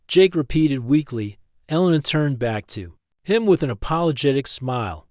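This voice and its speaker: A man reading a scripted story as the narrator in a steady, even way. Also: a little high, normal speed, no room sound, studio quality.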